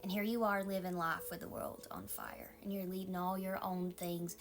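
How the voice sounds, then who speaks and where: A woman pastor with a Southern accent, giving a calm, maternal devotional sermon and often dropping into a soft whisper. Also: lowish voice, moderate pace, soft background music.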